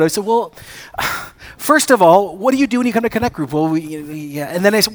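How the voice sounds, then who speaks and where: A man preaching a sermon as pastor, telling stories with acted-out dialogue and rising to excited emphasis. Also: high-pitched, fairly quick.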